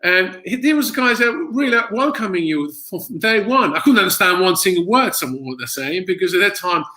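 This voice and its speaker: A man's voice: high voice, brisk, low-quality recording. A man who is a former footballer, speaking English as a second language in a casual interview, telling stories with laughs and lots of fillers. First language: not English. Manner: animated storyteller, laughs often, many fillers.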